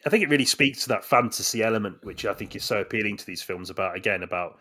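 Man, slightly low voice, podcast co-host, animated and analytical. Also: fast, breathy edge. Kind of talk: casual chat.

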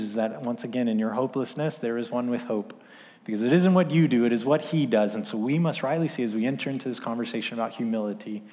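A man in his thirties delivers a sermon at a middle pitch. He tells stories casually, with filler words and restarts. His voice carries a long reverb from a large hall. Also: a little mellow. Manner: storytelling, conversational, with filler words. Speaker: pastor.

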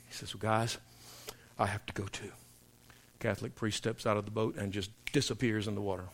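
A man preaching a sermon, telling joke stories in a folksy way, then building into loud emphatic preaching. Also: on the low side, level tone, brisk. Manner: folksy storyteller, swings from soft asides to loud emphatic preaching.

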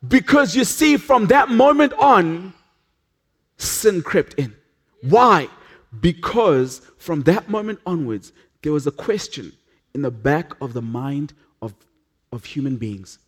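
A pastor preaching a sermon at a church service. He talks earnestly, often restarts his sentences, and drops into a hush for emphasis. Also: fairly high pitch, expressive, slow, slightly rough.

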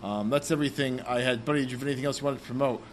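A man's voice: mid-range voice, steady tone, very fast, slight background noise. A man hosting a casual podcast, rambling with lots of fillers, and reading the show's sign-off. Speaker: podcast host. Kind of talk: casual chat.

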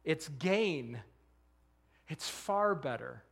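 A man's voice: fairly high pitch, animated, very slow, gravelly, a bit bright, breathy edge. A middle-aged man, a pastor, preaching a sermon, earnestly reading scripture and asking the congregation rhetorical questions.

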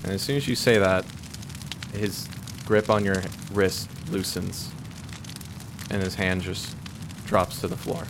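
A man with a very low, deep voice narrates a tabletop role-playing game as its game master. He builds suspense with vivid description and lingering pauses. A steady background noise sits clearly under the recording.

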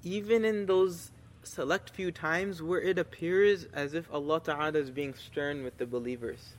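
A man's voice: on the high side, fairly even intonation, unhurried, in a large hall. A man preaching a sermon with passion, reciting Arabic scripture and building to emphatic rhetorical questions.

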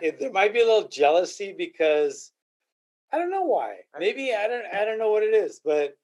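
A man's voice: high voice, very animated, moderate pace, a little mellow. An older man hosting a casual podcast, talking in a blunt, rambling, repetitive way. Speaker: podcast host.

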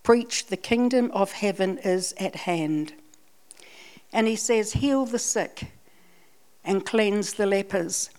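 A woman's voice: mid-range voice, takes it slowly, darkish tone. A Scottish woman giving a sermon, telling a personal testimony in a chatty, self-deprecating way. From Scotland. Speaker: church speaker.

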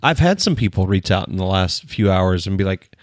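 A man co-hosting a podcast from a room at home, calmly explaining his thinking. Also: sits low, a little fast, dry recording, clean studio sound. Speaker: podcast co-host. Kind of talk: casual chat.

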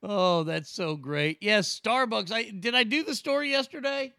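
A man's voice: high-pitched, moderate pace, pushed and bright, dry recording, clean studio sound. A man hosting a stream of prank calls, chatting loosely and laughing between bits. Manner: amused, loose, laughing asides. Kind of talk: casual live-stream commentary.

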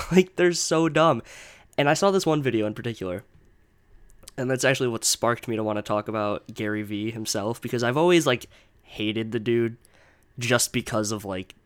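A young man talks alone into his podcast mic in a loose, rambling rant. He sounds exasperated and swears freely, and he leans hard on filler words as he goes. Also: mid-range voice. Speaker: podcast host. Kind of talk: casual solo rant.

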